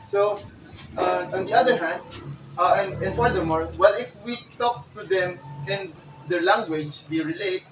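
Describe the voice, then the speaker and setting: A man's voice: high voice, over music. Young Filipino man giving a class report. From Philippines. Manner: explains each point slowly with examples, many fillers. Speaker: student reporter. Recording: roomy, from far off, faint noise.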